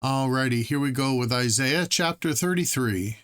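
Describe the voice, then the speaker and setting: A man with a voice of ordinary middle pitch reads scripture aloud in a steady, plain way. His delivery stays casual and self-deprecating, and he trips over a word now and then. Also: normal speed, few pauses, clean tone. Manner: steady, plain reading with small stumbles. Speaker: Bible reader. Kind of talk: reading scripture aloud after a casual opening.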